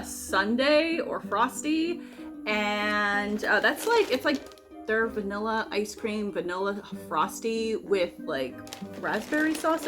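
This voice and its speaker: Rambling young woman vlogging, music behind. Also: mid-range voice. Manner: rambling, many fillers and restarts. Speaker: vlogger and host. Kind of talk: casual food vlog chat.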